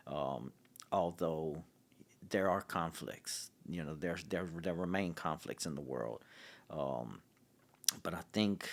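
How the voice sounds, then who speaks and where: A middle-aged man, a podcast guest telling a story in casual conversation, halting with fillers and restarts. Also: sits low. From Louisiana, USA. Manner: halting, many restarts and fillers, grows excited. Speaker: podcast guest, city public relations director.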